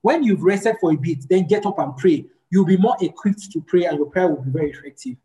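A woman's voice: lowish voice, lively intonation, brisk, dark tone, poor audio. A woman leads a group session, teaching and answering questions in a practical way and repeating words for emphasis.

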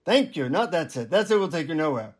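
A man voicing a serene old male Indian guru with an Indian accent, speaking in a slow, instructive way. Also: a little high, sing-song. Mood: solemn.

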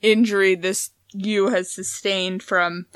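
A woman's voice: mid-range voice, fairly even intonation, slow pace, clean tone, no echo. A young woman co-hosting a podcast, chatting casually about song lyrics in a dry, matter-of-fact, teasing way. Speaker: podcast co-host.

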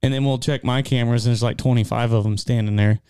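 A middle-aged man, co-hosting an outdoors show and telling animated, folksy stories in casual chat. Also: mid-range voice, quick pace, smooth, dry recording. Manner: folksy, animated storyteller with rural grammar. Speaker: co-host of an outdoors hunting show.

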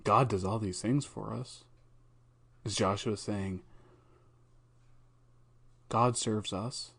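A man's voice: on the low side, steady tone, slow pace, creaky, fairly bright tone, husky. Man hosting a reflective podcast. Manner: unscripted and thoughtful, with frequent fillers and restarts. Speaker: podcast host. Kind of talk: casual reflective podcast talk on a Bible verse.

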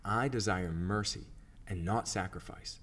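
A man reading scripture aloud, speaking the words of a calm, authoritative male teacher in a measured, even way. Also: sits low.

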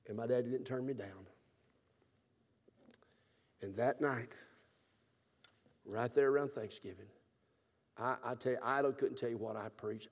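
A man in his seventies preaching a revival sermon, telling his own story and swinging from loud exclaiming to hushed, tearful telling. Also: mid-range voice, a little slow, long pauses, in a large hall. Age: 70s. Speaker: pastor. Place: church sanctuary.

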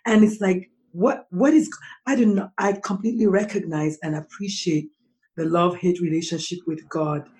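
A woman's voice: on the low side, fairly even intonation, normal speed, darkish tone. A woman from Nigeria, hosting a podcast interview and talking empathetically, thinking aloud with rhetorical questions. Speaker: podcast host. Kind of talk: conversational interview.

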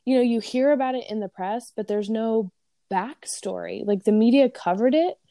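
A woman co-hosting a podcast, chatting casually and telling animated stories. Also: fairly high pitch, moderate pace, no room sound, clean studio sound. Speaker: podcast co-host. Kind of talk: casual chat.

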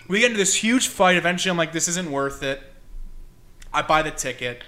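A young man telling a story in casual chat, animated and swearing freely as he acts out quotes. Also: sits high, fast.

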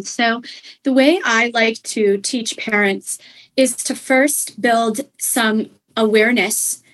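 A young adult woman with a husky, slightly breathy voice speaks as a parenting coach in an interview. She explains earnestly and conversationally, with plenty of fillers, at a medium pitch. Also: low-quality recording.

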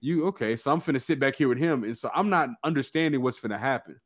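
A man telling a personal story in casual chat, animated and slangy. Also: medium pitch, fast. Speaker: guest.

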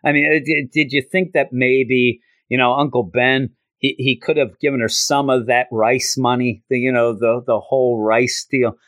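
A podcasting man goes over a comic casually, his delivery energetic and broken up by rapid, high-pitched character impressions. The recording has no room sound.

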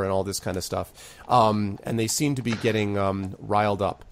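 A man's voice: lowish voice, steady tone, a little fast. A man running a tabletop game on a stream, narrating scenes with plenty of fillers and restarts. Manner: rambling, filler-heavy narration. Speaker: game master.

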